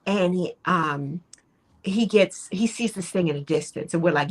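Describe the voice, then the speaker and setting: A woman's voice: fairly low pitch, unhurried. Casual woman retelling a plot. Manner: retells the plot loosely, with slang and laughs. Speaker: co-host. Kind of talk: casual chat.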